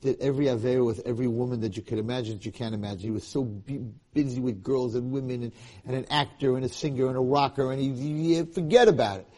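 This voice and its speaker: A man giving a Torah lecture, telling a story in an animated way that restarts and repeats phrases often. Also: mid-range voice, fast, few pauses.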